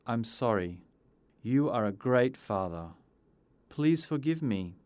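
A man's voice: medium pitch, animated, slow pace, darkish tone. A man playing an apologetic mother. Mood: earnest. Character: remorseful woman, the boy's mother.

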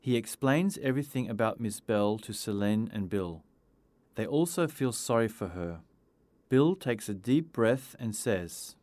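A man reading a simple story aloud in a clear storytelling manner. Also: on the low side, animated, a little slow, darkish tone, dry recording. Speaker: narrator. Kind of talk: scripted storybook narration.

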